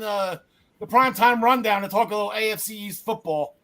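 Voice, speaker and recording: A man's voice: sits high, brisk, pushed and bright, rough recording. A man hosting a wrestling podcast over a video call, joking and rambling, often correcting himself. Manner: jokey, rambling, self-correcting. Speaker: podcast host. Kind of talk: casual wrestling podcast chat.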